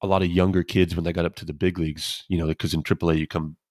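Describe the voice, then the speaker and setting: A man co-hosting a casual podcast, a former pro pitcher telling laid-back, rambling stories. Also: level tone, quick pace, a little mellow, no room sound, studio quality. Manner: laid-back, rambling anecdotes with quoted dialogue. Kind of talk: casual storytelling chat.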